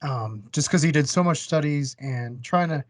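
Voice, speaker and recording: A man hosts a casual interview, talking in an easygoing way with loose, rambling phrasing. His voice sits at a middle pitch, and the recording is dry, with no room sound. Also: normal speed, dry recording. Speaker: interview host.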